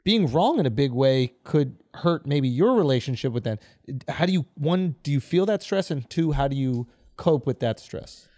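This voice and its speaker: A man hosting a podcast, asking questions in a measured, casual way. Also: medium pitch, expressive, mellow, no room sound. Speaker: podcast host.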